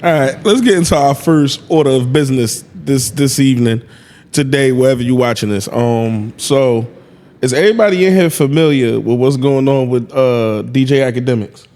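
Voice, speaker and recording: A man's voice: mid-range voice, normal speed, a little mellow. A man hosting a casual podcast, telling a story in a laid-back way and acting out the back-and-forth. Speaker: podcast host.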